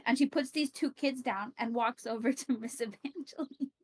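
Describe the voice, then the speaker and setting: A woman's voice: sits high, moderate pace, darkish tone, slightly rough. A woman playing a tabletop game, describing her character's actions and speaking for her, hesitant, with many fillers. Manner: hesitant, filler-heavy, light. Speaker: player. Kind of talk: tabletop game narration and chat.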